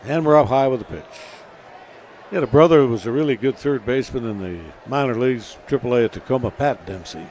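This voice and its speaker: A man calling a baseball game as play-by-play announcer, relaxed and chatty between pitches. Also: fast, slight background noise. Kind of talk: baseball radio commentary.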